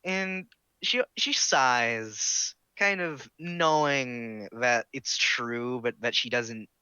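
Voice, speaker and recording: Slow, bright-voiced man narrating a game. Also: mid-range voice, smooth, dry recording. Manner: casual, filler-heavy narration. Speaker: game master.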